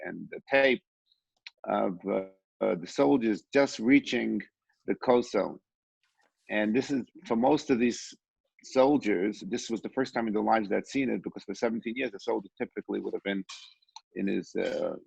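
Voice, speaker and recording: A man with a deeply gravelly, husky voice gives a Torah lesson, telling stories slowly and haltingly, often pausing to find his words. The sound is dry and dull, like a lo-fi home recording. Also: dry recording. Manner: unhurried, halting, many pauses and restarts. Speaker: Torah teacher. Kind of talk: Torah class with storytelling.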